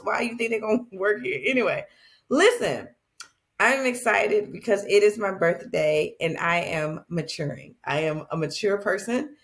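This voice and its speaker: A woman in her forties hosts a podcast and riffs in a loose, comedic monologue. She laughs often and keeps turning to her listeners with asides, at a medium pitch. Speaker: podcast host.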